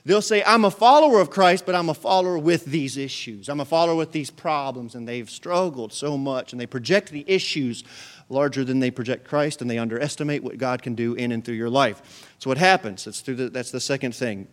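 A man's voice: medium pitch, a little fast. A male pastor delivering a sermon, preaching emphatically with repeated phrases and big swings in volume.

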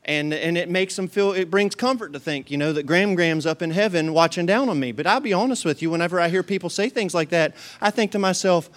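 Folksy joking preacher man, smooth voice. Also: sits high, fast talker, few pauses. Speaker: pastor. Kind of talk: sermon.

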